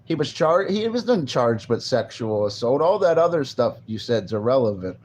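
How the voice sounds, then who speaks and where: A man's voice: medium pitch, very animated, moderate pace, a little mellow, a little hiss or hum. A man talking casually on a live stream, rambling loosely and answering viewers' comments. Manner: rambling, loose, restarts and reads chat aloud. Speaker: livestreamer.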